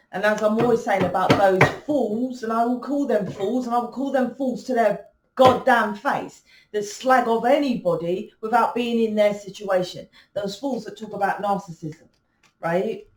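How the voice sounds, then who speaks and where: A woman's voice: mid-range voice, measured pace, roomy sound, slight background noise. A woman hosting a spiritual channel, talking casually and rambling with many restarts and fillers. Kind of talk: casual spiritual talk to camera.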